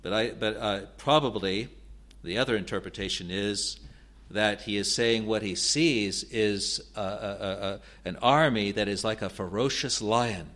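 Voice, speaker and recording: His voice is on the low side yet fairly bright as this man teaches from the Bible, stumbling through restarts and repeated words. He reads passages aloud with mounting emphasis.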